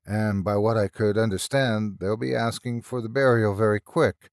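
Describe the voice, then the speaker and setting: A man's voice: lowish voice, fairly even intonation, normal speed, no echo, clean studio sound, close to an everyday voice. A male narrator voicing an agitated, gossipy elderly housekeeper woman in a storybook reading. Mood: shaken. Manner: breathless, agitated and chattering.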